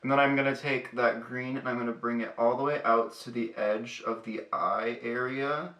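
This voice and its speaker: In an echoey room with lo-fi sound, a young male beauty vlogger chats casually through a makeup tutorial, sassy, profane and talkative. His voice is mid-range, steady and fairly bright, at a moderate pace.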